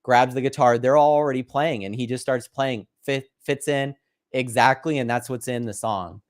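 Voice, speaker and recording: A man co-hosting a podcast who talks in a relaxed, casual way and explains ideas plainly. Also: medium pitch, moderate pace. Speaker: co-host. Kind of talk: casual conversation.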